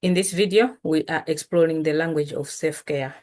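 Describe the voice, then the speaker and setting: Middle-aged woman, low voice, laid-back chatty teacher. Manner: relaxed, chatty, slow after lunch. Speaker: language teacher. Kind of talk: casual language lesson.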